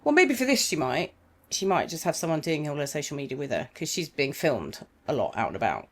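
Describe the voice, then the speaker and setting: A woman's voice: low voice, big pitch swings, fairly quick, a little hiss or hum. A woman co-hosting a casual podcast chat, telling stories with laughs and asides. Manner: chatty, laughing storyteller. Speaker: podcast co-host.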